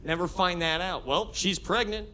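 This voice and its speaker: A man in his thirties doing a stand-up comedy set, brash and building into shouted rants. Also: high voice, moderate pace, a little hiss or hum. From Florida. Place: comedy club stage with audience laughter.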